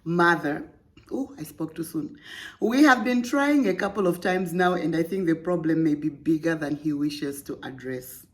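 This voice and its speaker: The speaker is a young woman with a deep voice, hosting a podcast at a moderate pace. She reads out a listener's story and keeps breaking off for playful, teasing asides full of laughter.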